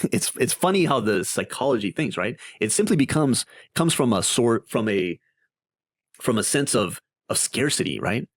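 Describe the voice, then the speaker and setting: At a moderate pace and medium pitch, this crypto investing video host talks through his screen in a chatty, animated walkthrough, frequently asking "right?". Studio-quality audio with no room sound.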